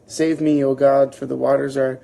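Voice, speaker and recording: A man reading the lines of a timid army chaplain aloud, soft and stammering, in a gravelly, mellow voice. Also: medium pitch, level tone, normal speed, natural voice. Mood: meek.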